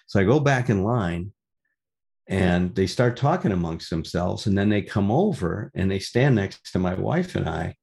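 Man, low-ish voice, conversational storyteller: candid, casual swearing, reflective. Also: expressive, normal speed, creaky, a little mellow. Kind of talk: personal storytelling talk.

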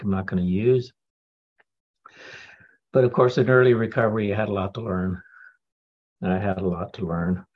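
Man, husky voice, candid testimony talk with dry humor. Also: on the low side, muffled recording. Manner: candid, wry storytelling with laughs. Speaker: speaker sharing a recovery story.

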